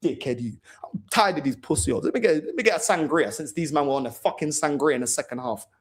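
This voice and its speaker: A man's voice: fairly high pitch, expressive, fast talker, breathy edge. A man hosting a fan channel, ranting furiously about his team, swearing and repeating himself. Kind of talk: angry fan rant to camera.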